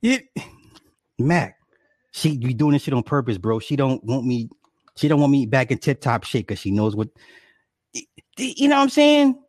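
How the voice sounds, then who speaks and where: A man's voice: mid-range voice, very animated, normal speed, long pauses, darkish tone, no room sound. A young man at home telling his viewers a story in a casual rant, indignant and exaggerated, swearing and laughing often. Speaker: livestreamer talking to viewers.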